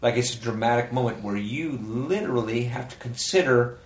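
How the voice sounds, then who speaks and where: A man's voice: mid-range voice, brisk, echoey room. A man co-hosting a podcast, telling audition stories in casual comedic chat and acting out what others said. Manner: storytelling, acts out quoted voices. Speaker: podcast co-host.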